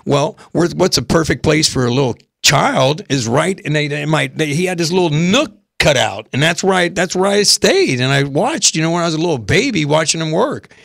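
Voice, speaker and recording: A man's voice: a little high, fairly quick, gravelly, few pauses, no room sound, clean studio sound. A male host talking in a casual chat, with frequent restarts and repeated phrases. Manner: animated, repeats himself and restarts often. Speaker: show host. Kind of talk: casual talk-show chat.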